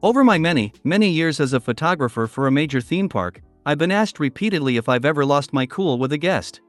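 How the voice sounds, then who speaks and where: A man narrating online stories in a steady, even reading voice. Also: fairly high pitch, brisk, no room sound, faint music behind.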